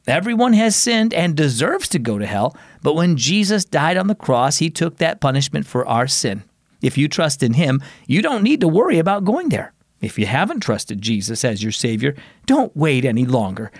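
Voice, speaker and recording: A man's voice: fairly high pitch, very animated, moderate pace, no echo. A man hosting and narrating a children's devotional story program in an upbeat, friendly way, recorded on a close studio mic. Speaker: host and narrator.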